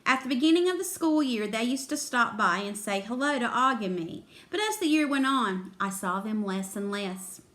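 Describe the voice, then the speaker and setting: Woman reader for a children's story, fairly high, very lively voice. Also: normal speed, hardly any pauses. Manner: expressive, voices the characters. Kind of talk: reading a children's book aloud.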